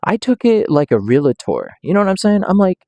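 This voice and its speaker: A man's voice: sits high, sing-song, a little fast, a little mellow, slight background noise. A young man giving casual, rambling reaction commentary, joking around and swearing freely. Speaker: reaction streamer.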